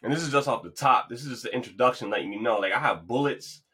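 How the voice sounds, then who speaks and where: A man's voice: mid-range voice, quick pace, bright, forceful tone, breathy edge. A man hosting his own podcast, talking in a loose, rambling, motivational way. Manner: playful, hypes up an imagined crowd. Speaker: podcast host. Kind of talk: casual solo monologue.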